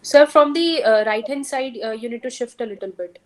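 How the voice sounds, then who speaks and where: A woman's voice: on the high side, brisk. A woman student with an Indian English accent, speaking politely and hesitantly to her teacher and saying sir often.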